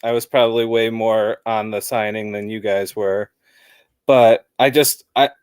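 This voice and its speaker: A man's voice: fairly low pitch, level tone, measured pace, smooth, dry recording, clean studio sound. A man chatting casually as a guest fan about a football match, rambling with lots of fillers.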